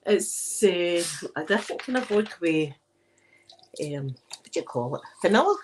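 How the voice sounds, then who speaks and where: A woman's voice: on the low side, big pitch swings, moderate pace, a little hiss or hum. Playful, chatty Glaswegian woman. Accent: Glaswegian Scottish. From Scotland. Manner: chatty and playful, laughs at her own jokes. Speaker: vlogger. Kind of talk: casual chat vlog.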